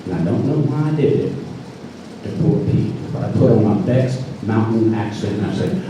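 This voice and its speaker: A man's voice: lowish voice, animated, normal speed, dark tone, lo-fi sound, slight background noise. An older man telling a personal story on a live stage with dry, folksy humor. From North Carolina. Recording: echoey hall from far off.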